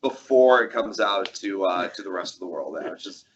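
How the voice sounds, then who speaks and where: A man co-hosting a casual webcast, easygoing, chiming in with quick remarks. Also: low-pitched, expressive, muffled recording, slight background noise. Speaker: co-host.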